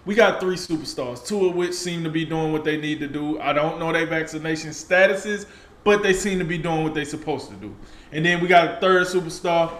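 Animated high-voiced man talking sports. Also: fairly quick, echoey room. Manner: animated, emphatic, colloquial. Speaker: sports talk show co-host. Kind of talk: casual sports talk.

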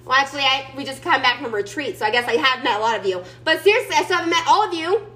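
A woman's voice: high voice, lively intonation, very fast, pushed and bright, poor audio. A woman giving her team a chatty, emphatic motivational pep talk over a video call, sassy and calling everyone y'all. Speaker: team leader speaking to her sales team.

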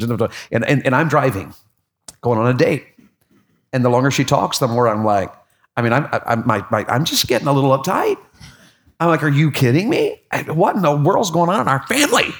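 A middle-aged man preaching a sermon, telling a personal story with lively repeats and sudden rises in his voice. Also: medium pitch. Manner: animated storytelling, repeats words, voice jumps up when excited. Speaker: pastor.

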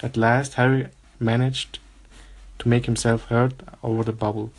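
Guy reading a novel out loud, steady, unhurried, mid pitch. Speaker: reader.

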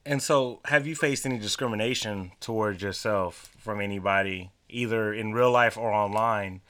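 A man hosting a podcast, asking questions in a halting way that restarts mid-sentence. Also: lowish voice, fairly bright tone. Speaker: podcast host. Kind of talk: casual interview questions.

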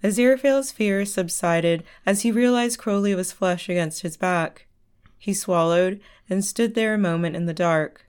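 A woman narrating a story as an audiobook reading in a measured storytelling manner. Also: mid-range voice, a little mellow, clear, resonant tone.

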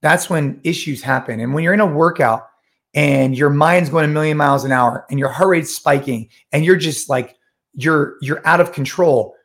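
This podcast host is a middle-aged man on his own, speaking at a normal speed with a fairly high-pitched voice. His delivery is lively and conversational, and he frequently recounts chats, acting out what each person said.

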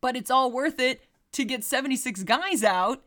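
A woman co-hosting a movie podcast in casual chat, animated and swearing freely, acting out scenes in quick voices. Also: high-pitched. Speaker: podcast co-host.

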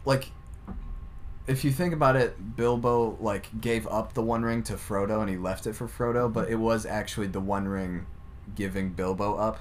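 A man's voice: fairly low pitch, fairly even intonation, normal speed, a little hiss or hum. A young man sharing trivia in a casual chat with friends, rambling and often breaking into giggles. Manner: rambling, giggly, trails off into laughs.

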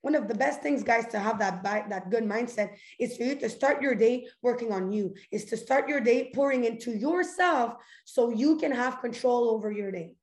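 A woman's voice: a little high, normal speed, hardly any pauses. Upbeat woman coaching in an echoey room. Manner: energetic, direct, with rhetorical questions and laughter. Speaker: host of a live motivational call. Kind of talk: motivational talk to a live audience.

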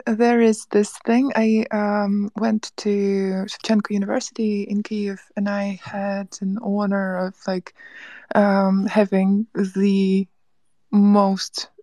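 A woman's voice: mid-range voice, darkish tone, dry recording. A woman from central Ukraine, a Russian speaker, talking casually in an online discussion with thoughtful, laughing asides. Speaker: panel guest.

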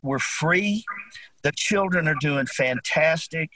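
An older man voicing his gentle, devout older wife with soft affection. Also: fairly high pitch, slow pace, slight background noise, low-quality recording. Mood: tender.

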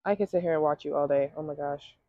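A woman's voice: sits low, fast talker, no echo, lo-fi sound. Gushing woman cooing at farm animals. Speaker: vlog co-host. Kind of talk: casual chat. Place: outdoor petting farm.

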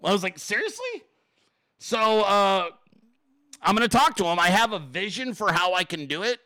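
Male show host, high lively voice, dry close sound, rambling, profane, excitable. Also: moderate pace, no echo. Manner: excitable, profane, rambling with many fillers and laughs. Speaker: podcast host. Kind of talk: casual solo talk show.

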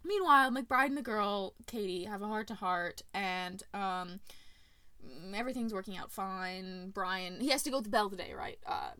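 A woman's voice: medium pitch, moderate pace, smooth, no echo. A woman in casual chat, retelling a film's plot to a friend with lots of laughs and fillers. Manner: animated, laughs often, many fillers. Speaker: podcast co-host recapping a film.

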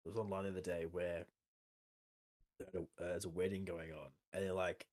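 A man's voice: deep voice, flat delivery, fairly quick, darkish tone. A man co-hosting a podcast, chatting casually and throwing in jokes. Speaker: podcast co-host. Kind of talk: casual chat.

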